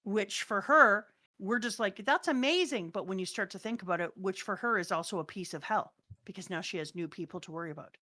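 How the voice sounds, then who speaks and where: A woman co-hosting a casual chat, retelling scenes with big swings from quiet to loud. Her voice sits at a middling pitch. The sound is dry and close, with no room around it. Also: fairly quick, hardly any pauses, dry recording. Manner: animated, swings from hushed retelling to loud outbursts. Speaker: podcast co-host.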